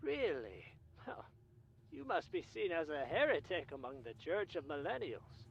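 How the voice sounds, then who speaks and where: A man's voice: on the high side, very animated, normal speed, creaky, breathy edge, dull audio, heavily acted. An actor playing a wry, dryly humorous man who helps out over the phone in a mystery game. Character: dry, wry male helper on the phone. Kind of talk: video game voice acting.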